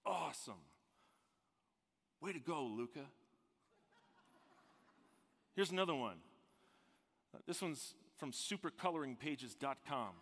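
Pastor, man, fairly high voice, dynamic sermon delivery, long reverb. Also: moderate pace, vocal fry, long pauses. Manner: animated preaching, swinging from loud emphatic peaks to hushed near-whisper.

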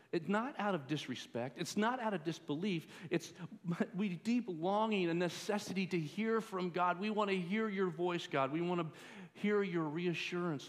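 A man preaching a sermon as pastor, in a measured way that rises for pleas. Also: high-pitched, lively intonation. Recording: long hall reverb.

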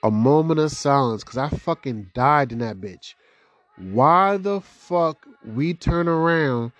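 A young man hosting a casual vlog, telling a story in profane street slang with lively, animated delivery. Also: slow pace, no echo, muffled recording, soft background music. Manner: animated, profane street slang, big rises in pitch for quoted reactions. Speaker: vlog host.

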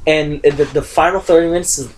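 A man co-hosting a casual podcast, arguing about movies loudly and with plenty of swearing. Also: a little high, fairly quick, slight background noise. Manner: loud, profane, animated arguing. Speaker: podcast co-host. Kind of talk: casual chat.

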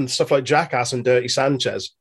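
A male podcast host chats with his guest in a relaxed, rambling way, often breaking into laughter. His voice sits at an ordinary middle pitch. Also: a little slow, husky. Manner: friendly, rambling, laughs easily. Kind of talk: casual interview chat.

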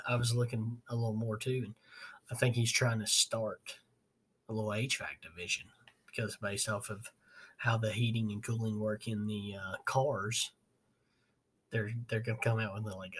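A man's voice: on the low side, a bit bright, husky. A man hosting a podcast, rambling casually, laughing and swearing. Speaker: podcast host. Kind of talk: casual chat.

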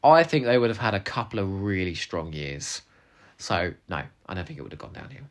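Lively chatty man, deep voice. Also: a little fast. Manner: animated, laughing, chatty with playful asides. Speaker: podcast co-host. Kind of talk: casual podcast chat.

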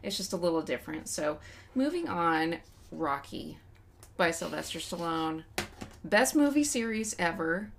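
A woman's voice: lowish voice, animated, measured pace, vocal fry, a little hiss or hum. Chatty West Texas-raised woman podcaster. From West Texas, USA. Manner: chatty, candid and self-mocking. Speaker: podcast co-host. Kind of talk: casual chat.

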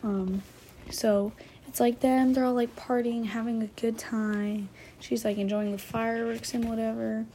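A woman's voice: fairly high pitch, level tone, unhurried, warm tone, slight background noise. A woman casually retelling a book's plot as host of a book talk episode, chatty and loaded with "like" fillers. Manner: chatty, filler-heavy, says "like" constantly.

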